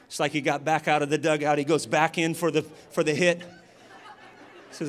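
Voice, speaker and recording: A man preaching a sermon, telling a personal story with animated delivery and acted-out voices. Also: sits high, normal speed. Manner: animated, acts out voices in his stories. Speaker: pastor.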